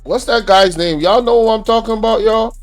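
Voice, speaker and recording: Hosting a reaction channel, a man with a Jamaican accent talks to viewers in casual commentary that turns indignant and preachy. His voice sits high and brisk, with soft music in the background.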